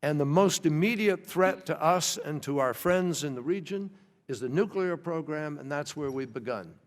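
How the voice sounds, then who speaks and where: Answering questions in formal testimony, a male government official speaks in a fairly high, animated voice. His manner is measured, marked by frequent hesitations and restarts, and the large hearing room leaves long reverb on the recording.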